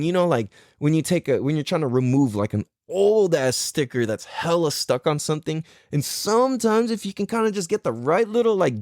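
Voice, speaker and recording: Podcast host, male, swearing storyteller, lively pitch, dry close sound. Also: dry recording. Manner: profane, laughing, animated retelling. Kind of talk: casual storytelling monologue.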